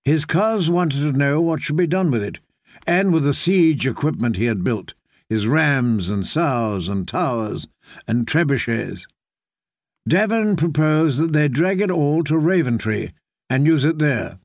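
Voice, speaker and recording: A man narrates an audiobook in a gravelly voice, pitched slightly high. The sound is close and dry, with a brisk, even storytelling delivery. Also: dry recording.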